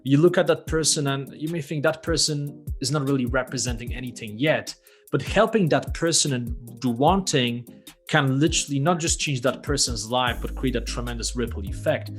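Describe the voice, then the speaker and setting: A man of medium pitch hosts a podcast and asks reflective questions. He searches for his words and repeats them as he goes. Faint music plays underneath. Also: moderate pace. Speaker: podcast host. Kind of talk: interviewing.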